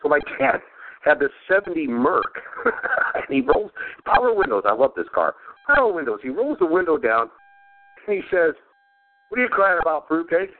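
A man tells rambling, profane family stories, laughing through them. His voice sits fairly high and swoops up and down a great deal. The sound is thin and narrow, as if heard over a telephone line. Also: wildly swooping pitch, moderate pace, creaky. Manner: profane, laughs often while telling stories. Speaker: podcast host. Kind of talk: casual storytelling chat.

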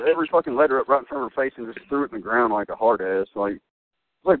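A young man, a guest, telling rambling, profane, excitable stories full of fillers. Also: medium pitch, fast talker. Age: young adult. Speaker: wrestling guest. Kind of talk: rambling storytelling. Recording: dry, tinny phone-like line.

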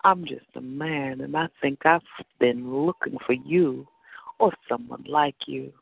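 A man's voice: medium pitch, unhurried, vocal fry, husky, dry recording, full character voice. A man voicing a humble, earnest male lover in a story. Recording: dry phone-like sound.

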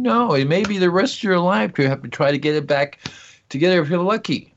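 Rambling, jokey radio garden-show host. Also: male voice, fairly high pitch, animated, quick pace, highs cut off. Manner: rambling, jokey, talks to himself. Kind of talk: casual call-in gardening talk.

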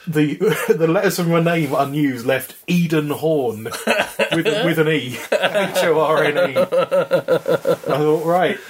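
A man's voice: a little high, slow. A man co-hosting a casual podcast chat from home, talking loosely and laughing often as he goes. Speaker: podcast co-host. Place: flat at home.

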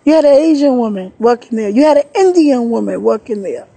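A woman vlogging outdoors in a park, upset and tearful, talking haltingly and repeating words as she recounts a bad experience. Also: on the high side, animated, gravelly, dark tone, breathy edge, no echo, low-quality recording. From New York. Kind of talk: emotional personal vlog.

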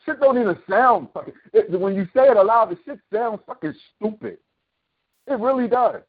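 A talk show host whose voice sits high speaks at normal speed, ranting through an opinionated monologue full of profanity and sarcastic rhetorical questions. He's impassioned and preachy, and the recording sounds tinny, like a phone.

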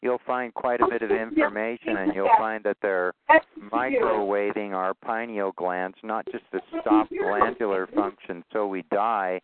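A low-voiced man in his sixties runs a call-in show, talking in a long, earnest, rambling way. His voice comes through a thin, tinny phone line. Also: animated, a little slow. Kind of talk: conference call talk.

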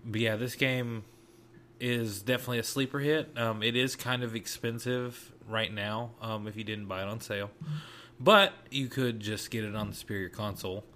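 A man's voice: on the low side, fairly even intonation, moderate pace, bright, forceful tone, a little hiss or hum. A man co-hosting a casual gaming podcast, explaining game mechanics and dropping dry wisecracks. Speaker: podcast co-host.

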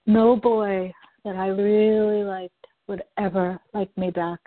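Speaking slowly in a level tone, a woman with a middle-pitched voice repeats phrases back softly and thoughtfully as a tapping-session client. The audio is thin and phone-like, dry and close.

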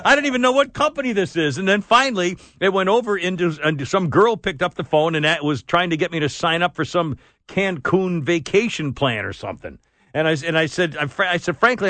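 A man hosting a talk radio show, telling rambling anecdotes with frequent laughter and mock outrage, clearing his throat now and then. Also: sits high, pushed and bright, no echo. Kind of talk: casual talk radio banter. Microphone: studio broadcast mic.

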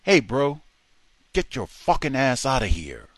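A man voicing a tough, swaggering male convict with a heavy Spanish accent and rough, profane talk. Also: mid-range voice, big pitch swings, unhurried, a bit bright, dry recording, voice pushed up. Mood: streetwise.

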